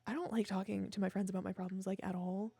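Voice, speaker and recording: A woman's voice: medium pitch, steady tone, fast talker, gravelly, dark tone, breathy edge, dry recording. A young woman streamer chatting casually with her viewers, chatty and self-mocking, often laughing at herself.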